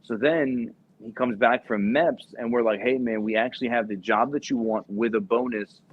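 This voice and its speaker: Man telling a lively profane story. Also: medium pitch, moderate pace. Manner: animated, profane, acts out quoted voices. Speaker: podcast guest, former Marine recruiter. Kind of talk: casual storytelling. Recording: dull lo-fi podcast audio.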